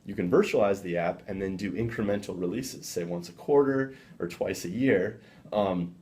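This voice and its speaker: A man interviewed as a software director, explaining at length in a measured way with frequent fillers. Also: low-pitched. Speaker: guest, software development director. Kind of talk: business interview.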